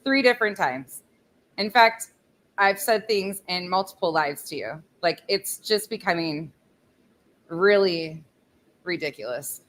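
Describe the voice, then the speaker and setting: A woman's voice: fairly low pitch, a little slow, a bit bright. A woman hosting a casual cooking livestream, chatting with viewers in a blunt, chatty way, swearing freely and laughing often. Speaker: livestream host.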